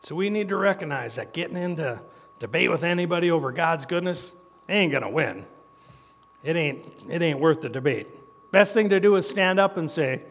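Middle-aged male preacher, high voice, folksy and chuckling, long hall reverb. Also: animated, normal speed, fairly bright tone. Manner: folksy, chuckles between points. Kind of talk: sermon.

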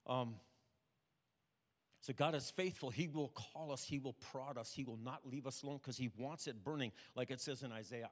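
An older man preaching a sermon, telling personal stories in a plain, halting way. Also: mid-range voice. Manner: plain, halting testimony with restarts. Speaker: pastor. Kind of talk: storytelling sermon. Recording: long reverb of a hall.

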